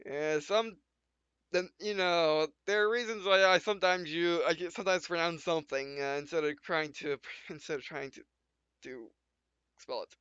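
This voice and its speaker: A man casually commenting on a game he is playing, rambling and correcting himself as he stumbles. His voice is high, bright and smooth. The recording is dry and slightly lo-fi. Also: moderate pace, no room sound. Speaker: let's play host.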